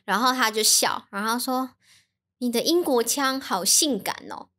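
A woman whose first language is Mandarin, a teacher co-hosting a casual podcast, telling stories lively and mixing in English. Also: fairly high pitch, moderate pace. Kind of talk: casual bilingual chat.

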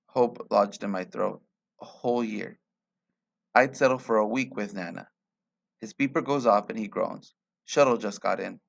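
A man reading a short story aloud in a quiet, measured way. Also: lowish voice, gravelly. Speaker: reader.

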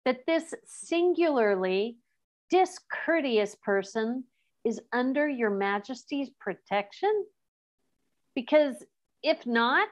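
Brave courtly male mouse warrior, shrill and piping, as a woman reads it aloud; high, unhurried. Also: animated. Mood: indignant. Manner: formal, courtly. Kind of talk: storybook read-aloud.

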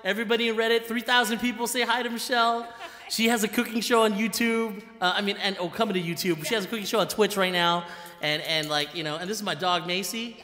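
A man with a high, bright voice talks excitedly to his live-stream audience, laughing and repeating himself. His room rings with a long, echoey reverb. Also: fast talker, soft background music. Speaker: live-stream musician host.

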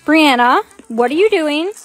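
A woman's voice: high voice, lively intonation, measured pace, fairly bright tone. A young woman acting in a comedy skit, delivering rules and warnings earnestly. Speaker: skit co-actor.

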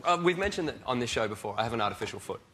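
A man on a comedy panel show telling wry anecdotes and quoting people in a deadpan voice. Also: mid-range voice, rapid-fire, slight background noise. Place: TV studio with live audience.

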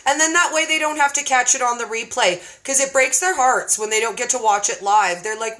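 A woman's voice: a little high, a little fast, few pauses, fairly bright tone. A woman hosting a casual live stream, bubbly and laughing often. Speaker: host.

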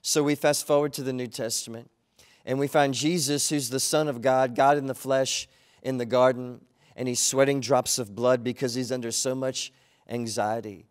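A man's voice: medium pitch, fairly even intonation, moderate pace. A man preaching a sermon as pastor, reading scripture dramatically and asking the listeners pointed questions with rising feeling.

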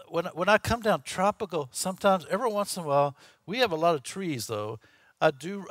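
A man's voice: a little high, a bit bright, no echo, studio quality. A man preaching a sermon in a folksy, conversational way, often checking in with "okay?" and "right?". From Texas. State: clearing his throat, voice catching. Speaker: pastor.

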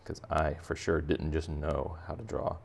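A man's voice: extremely low pitch, little pitch movement, unhurried, creaky, breathy edge. A man teaching a drawing lesson for kids in a playful, jokey, conversational way. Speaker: art teacher.

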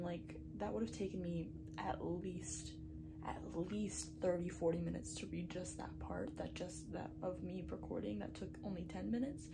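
A woman's voice: medium pitch, vocal fry, noisy background. A young woman chatting in a casual reading vlog, breathless and anxious, sometimes dropping to a whisper. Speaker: book vlogger. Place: bedroom at night.

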